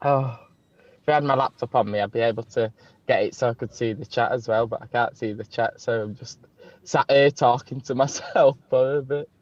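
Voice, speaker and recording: A man's voice: mid-range voice, no room sound. A man on a video call, chatty and laughing, swearing through casual banter as a guest. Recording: dull, dry video-call audio.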